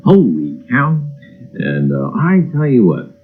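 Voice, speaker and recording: A man's voice: medium pitch, wildly swooping pitch, slow pace, breathy edge, narrow, tinny audio, faint music behind. A man hosting a livestream in a folksy, jokey way, greeting viewers by name and repeating his catchphrases. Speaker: livestream host. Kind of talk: casual livestream chat.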